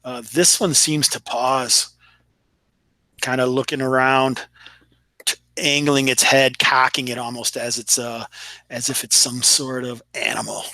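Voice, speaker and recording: A man narrates a tabletop game as game master, piecing together his scene descriptions with small pauses and fillers. His voice is bright and forceful, and it sounds dry and close, with no room around it. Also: medium pitch, flat delivery, no room sound.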